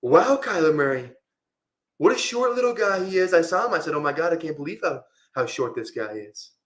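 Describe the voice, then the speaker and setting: Brash older politician impression, boastful and self-praising, done by a man, pitched up a bit, echoey room. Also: very animated, fairly quick, fairly bright tone. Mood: mocking. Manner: exaggerated boastful cadence, superlatives.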